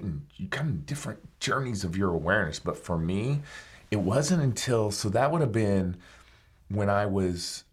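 Low, husky-voiced man in his forties. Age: 40s. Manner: animated retelling that acts out remembered dialogue. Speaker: interview guest, former soldier. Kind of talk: reflective storytelling in conversation.

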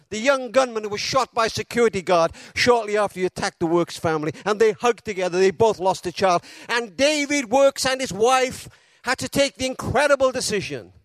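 A man preaching a sermon, telling a story with dramatic pauses and retelling quotes with feeling. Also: very high-pitched, fairly bright tone, dry recording.

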